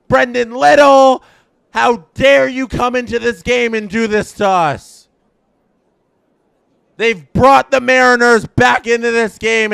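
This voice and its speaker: A man streaming a live fan reaction, calling the action in an announcer style and swinging between emotional shouts and stunned murmurs. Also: high-pitched, gravelly, clean tone, dry recording, clean studio sound. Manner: announcer-style play-by-play call.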